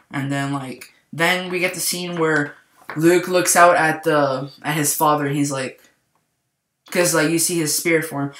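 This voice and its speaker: A man's voice: a little high, a bit bright. Rambling young-sounding man in an echoey room. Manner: rambling, heavy use of "like". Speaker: movie reviewer. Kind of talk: casual spoiler review.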